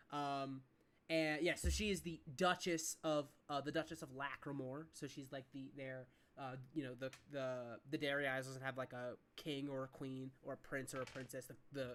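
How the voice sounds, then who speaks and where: A game master narrating a tabletop game in a rambling way, with many fillers. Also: mid-range voice.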